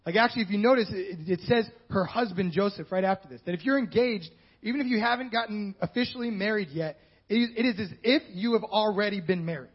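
A male pastor gives a sermon in a conversational style, tossing in joking asides. He talks fast in a high, husky voice, captured with a dull lo-fi sound.

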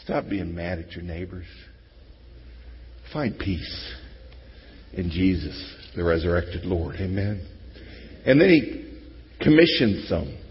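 A middle-aged pastor delivering a sermon in a church, his voice husky and a little breathy. He talks to the congregation conversationally, dropping to a hush and then rising to loud exclamations. The long reverb of the hall and a dull, lo-fi recording surround him. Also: low-pitched, animated, slow pace, long pauses. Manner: conversational, swings from hushed to shouting. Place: church sanctuary.

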